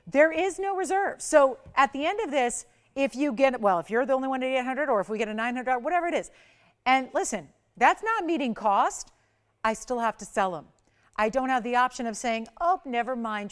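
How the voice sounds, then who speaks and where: Chatty woman host pitching jewelry. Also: clean tone. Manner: chatty, emphatic, quick sales patter. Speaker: jewelry shopping channel host. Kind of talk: live shopping auction pitch.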